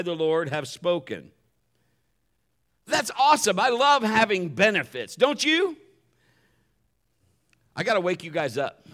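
A man's voice: on the high side, fairly bright tone. Man preaching a conversational sermon. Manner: conversational preaching, acts out quoted voices. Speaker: pastor.

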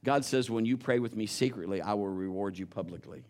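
A man preaching a sermon, telling a story and rising into loud exhortations. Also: fairly low pitch, fairly quick.

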